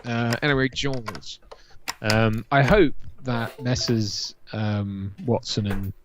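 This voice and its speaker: A man's voice: medium pitch, steady tone, slow pace. A man co-hosting a watch-party stream in casual, rambling chat, often restarting his sentences. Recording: dull lo-fi stream audio.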